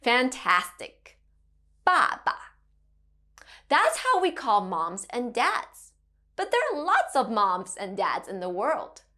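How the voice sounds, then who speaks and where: A woman leads a children's language lesson with a cheerful, teacherly manner. Her voice sits a little high and moves up and down a lot. She speaks slowly and lays out each word with care. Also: sing-song, pushed and bright. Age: adult parent. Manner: cheerful, slow and clearly enunciated, teacherly. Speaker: Mandarin teacher.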